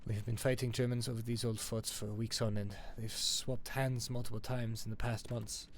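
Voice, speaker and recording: A man's voice: mid-range voice, flat delivery, normal speed, a little hiss or hum, lightly acted. A man doing a weary French soldier with a put-on French accent. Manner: earnest, letter-reading delivery. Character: weary young French soldier writing home.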